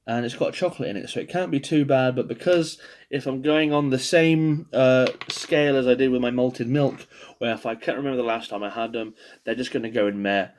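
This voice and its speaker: Guy rambling about snacks to camera, swears a lot, kinda tired, mid pitch. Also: fairly quick, slight background noise. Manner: rambling, swearing, self-deprecating. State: yawning, tired. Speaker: podcast host ranking biscuits. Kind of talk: casual solo video monologue.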